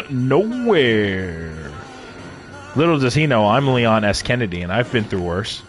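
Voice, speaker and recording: A man's voice: lowish voice, lively intonation, brisk, faint music behind. A young man hosting a gaming video, joking crudely and swearing often during casual banter.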